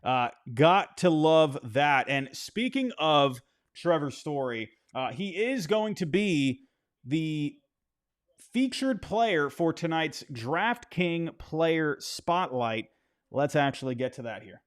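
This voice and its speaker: A man giving a loose, chatty baseball game recap and betting pitch, with frequent fillers and restarts. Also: expressive, slow.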